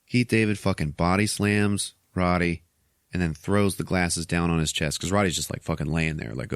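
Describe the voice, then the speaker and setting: A podcast host recapping a movie in a profane, chuckling, animated way. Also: male voice, low-pitched, moderate pace, clear, resonant tone, no room sound, studio quality.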